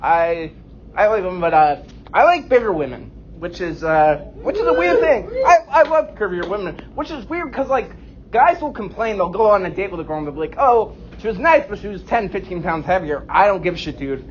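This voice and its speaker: A man in his late twenties doing a self-deprecating stand-up set with deadpan punchlines on a comedy club stage. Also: high voice, brisk, slight background noise. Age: 20s. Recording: dull lo-fi recording.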